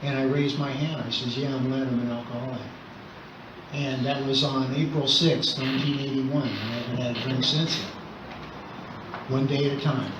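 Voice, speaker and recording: This older AA speaker from Southern California recounts his recovery in a meeting hall, using a medium-pitched, steady voice at normal speed and a conversational, wry style. The sound is muffled, noisy, roomy, and distant.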